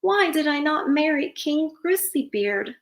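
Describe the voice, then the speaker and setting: A woman's voice: sits high, big pitch swings, a little slow, reverberant, pitched above the performer's own voice, exaggerated voice. A woman voicing a spiteful, haughty young princess in a read-aloud fairytale, with a scornful, whining manner.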